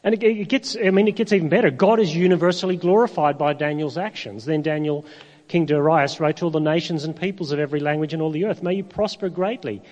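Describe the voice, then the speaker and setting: A middle-aged man from Ireland, preaching a sermon in a conversational way, with rhetorical questions and dramatic pauses. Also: fairly high pitch, a little mellow, lo-fi sound. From Northern Ireland. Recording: long hall reverb.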